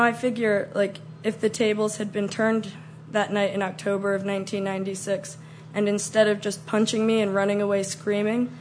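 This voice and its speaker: A woman telling a comic story, acting out scenes with loud shrieks and mock voices. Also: medium pitch, a little hiss or hum.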